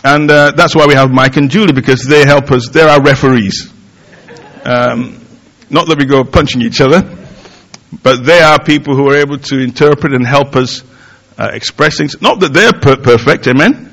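A man's voice: mid-range voice, moderate pace, a bit bright, rough recording. A middle-aged man giving a sermon in a conversational, self-deprecating way, with many fillers and restarts. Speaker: pastor.

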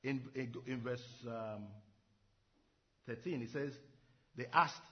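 A man's voice: mid-range voice, takes it slowly, husky, muffled recording. A man preaching an earnest sermon, repeating and building his phrases. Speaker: pastor.

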